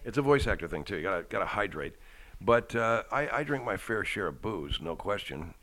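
Deep-voiced man chatting casually. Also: sing-song, brisk, a bit bright. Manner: rambling, profane, self-deprecating humor. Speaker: podcast host. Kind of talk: casual chat. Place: home.

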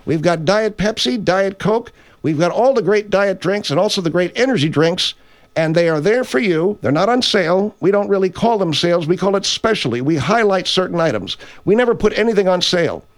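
A man's voice: sits high, lively intonation, a little fast. A man playing a brash grocery store owner who hosts his own radio show, rambling and correcting himself in an improvised comedy bit. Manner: blustery, rambling, self-correcting. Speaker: radio host character.

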